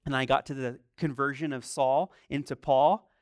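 A man's voice: mid-range voice, fairly even intonation, moderate pace, no echo, clean studio sound. A man preaching a sermon as a pastor, telling stories, asking rhetorical questions and acting out the voices he quotes.

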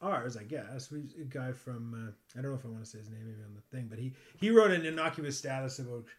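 A man's voice: medium pitch, animated, fast. A man, a comedian, telling stories in casual podcast chat, swearing freely with laughing asides. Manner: profane, storytelling, laughing asides.

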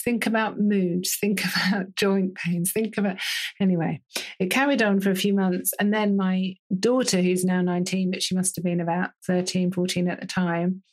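A British woman in her forties, a doctor giving an interview, telling her story in a lively way and often laughing. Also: mid-range voice. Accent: British English. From United Kingdom. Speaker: interview guest, GP and menopause specialist. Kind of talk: casual interview conversation.

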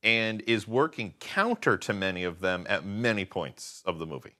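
Bright-voiced ranting man. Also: fairly low pitch, normal speed. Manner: ranting, sarcastic, animated. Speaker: podcast co-host. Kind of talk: casual film review chat.

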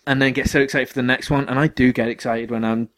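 A young man co-hosting a podcast in casual chat, excitable and rambling, with many restarts and fillers. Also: medium pitch, fast, slight background noise, rough recording. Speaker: podcast co-host.

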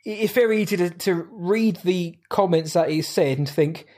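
A man hosting a podcast in a relaxed, informal chat. His voice sits a little higher than most men's. He speaks loosely, throwing in "mate" as he goes. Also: moderate pace. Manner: chatty, informal, says "mate". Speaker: podcast host. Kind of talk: casual chat.

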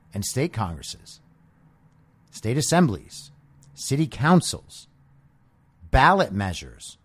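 Animated, combative male podcast ranter. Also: a little high. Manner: combative, sarcastic, profane ranting. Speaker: podcast host. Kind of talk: political commentary monologue.

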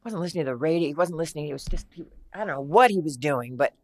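Low-pitched woman, gravelly voice, rambling halting storyteller, dry sound. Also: expressive. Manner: rambling, halting, many restarts. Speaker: actress guest. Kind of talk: casual storytelling interview.

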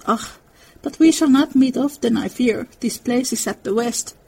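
Lady reading as a soft-spoken german professor, formal halting phrasing, mellow husky tone. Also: fairly high pitch, low-quality recording. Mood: earnest. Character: earnest older German male professor, gentle.

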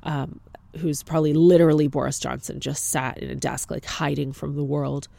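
A woman with a Canadian accent tells a story in an exasperated, sarcastic rant. Her voice is gravelly with some vocal fry, and it sounds close and dry with no room echo. She swears freely and keeps a casual tone. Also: low voice, fairly even intonation, moderate pace, mellow.

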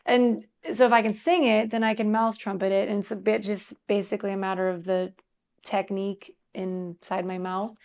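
A woman musician as an interview guest, chatting casually and telling stories in an animated way, laughing often and using many fillers. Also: medium pitch, moderate pace.

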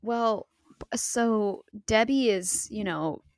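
A woman's voice: medium pitch, slow, dry recording, clean studio sound. A woman co-host chiming in and riffing on a comedy story in casual chat. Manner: chiming in, laughing along.

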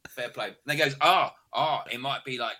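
A man's voice: mid-range voice, moderate pace. A man, a mural painter, telling funny work stories in casual chat and acting out the people he quotes. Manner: animated, acts out the people he quotes. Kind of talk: casual storytelling.

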